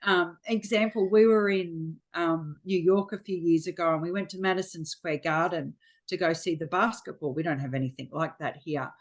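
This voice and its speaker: A woman's voice: fairly low pitch, steady tone, moderate pace, hardly any pauses. A middle-aged Australian woman, a frank, chatty guest telling stories in a casual interview. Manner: frank, chatty storyteller acting out quotes.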